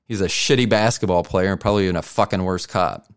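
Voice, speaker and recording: A man's voice: low voice, quick pace, smooth. A middle-aged man hosting a podcast, telling a rambling, profane story in a heated, casual way. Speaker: podcast host.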